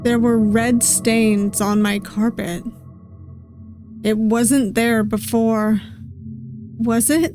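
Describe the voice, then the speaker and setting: Woman, VTuber game streamer, higher voice, unhurried musing read-through over game music. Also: steady tone. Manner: musing, reads lines slowly with soft asides. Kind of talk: reading game dialogue aloud with commentary. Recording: game music playing behind voice.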